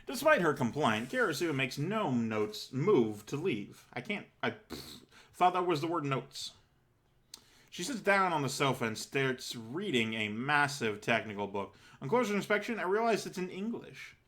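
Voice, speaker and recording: A man's voice: medium pitch, sing-song, normal speed, fairly bright tone. A man hosting a game playthrough, reading text aloud with rambling, self-deprecating asides, a bit out of breath. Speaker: let's play host. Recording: game music playing behind.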